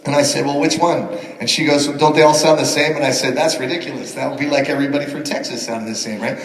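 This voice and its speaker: A man on a convention panel telling animated stories about his work, slipping into voices along the way. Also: mid-range voice, fast talker. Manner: lively storyteller, slips into voices and impressions. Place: large convention hall. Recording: echoey hall, miked from far off. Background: audience laughter and crowd.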